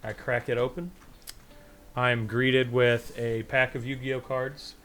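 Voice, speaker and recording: Speaking slowly at medium pitch, this podcast co-host spins a story in relaxed conversation. He's lively and animated, voicing the quotes himself and swearing without restraint.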